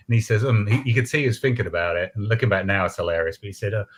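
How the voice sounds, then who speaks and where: A man's voice: on the low side, racing. A man who is a podcast guest, explaining things in easygoing casual chat. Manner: explanatory, easygoing, lots of fillers.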